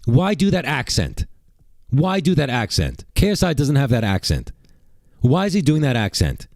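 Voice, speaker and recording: A man's voice: mid-range voice, huge pitch swings, moderate pace, a little mellow, dry recording. A man doing mocking livestream reaction commentary, rambling and sarcastic, repeating rhetorical questions.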